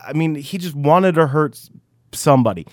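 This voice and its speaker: A man's voice: expressive, normal speed, dry recording, clean studio sound. A man co-hosting a casual podcast, recapping a TV episode with lots of stammering restarts and swearing. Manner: rambling, stammering restarts, swearing, acts out quotes in a high voice. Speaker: podcast co-host.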